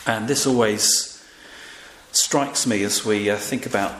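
A man's voice: fairly low pitch, slow pace, a bit bright. An older man giving a sermon in a casual, conversational way, often asking his listeners to respond. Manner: conversational, with fillers and audience prompts. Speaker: preacher. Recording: echoey room with faint ambient noise.

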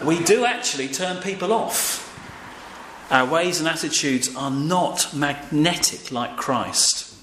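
An older preacher takes his time, his voice on the high side, animated, and fairly bright. He keeps the sermon loose and conversational, using fillers and regularly asking listeners to answer back, while the echoey room carries faint ambient noise.

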